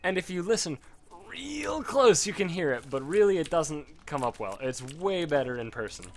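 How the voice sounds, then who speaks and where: A man's voice: mid-range voice, a little hiss or hum. A young man chatting offhand and rambling while he plays a game, swearing casually. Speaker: gaming video host. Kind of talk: casual commentary over gameplay.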